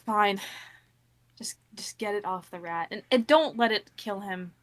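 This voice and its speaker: A woman playing a tabletop game, talking quietly and curtly in character. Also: mid-range voice, a little slow. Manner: quiet, curt, speaking in character. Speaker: player.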